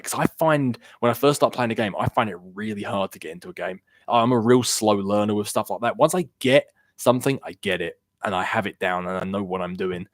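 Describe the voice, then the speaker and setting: A young man with a lowish voice talks loosely through a gaming live stream, drifting between topics and picking up questions from chat. His voice sounds close and dry through a worn-out home microphone. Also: no echo. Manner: rambling, answers viewer chat questions. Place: home room. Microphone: worn-out desk microphone.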